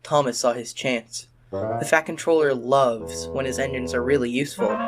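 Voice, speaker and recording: A narrator telling a children's train story in an expressive, sing-song way. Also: medium pitch, moderate pace, loud music behind the voice.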